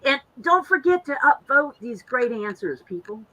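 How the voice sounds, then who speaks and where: A woman's voice: high-pitched, very animated, moderate pace, bright, forceful tone, low-quality recording. A woman co-hosting a casual online chat show, reading viewer comments aloud in a chatty way. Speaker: co-host.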